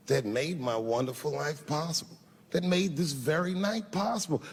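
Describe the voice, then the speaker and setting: A man performing stand-up comedy on stage, telling profane stories and acting out the voices in them. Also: fairly high pitch. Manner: profane, animated storytelling with acted-out voices. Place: stage in a large venue. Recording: long reverb of a big hall with faint ambience.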